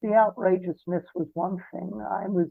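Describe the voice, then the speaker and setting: An Englishman in his seventies, an interview guest, reminisces at length and drifts into reflective asides. His voice sits high and is gravelly and slightly rough, with fairly even intonation and a normal pace. The recording is dry, like a phone line.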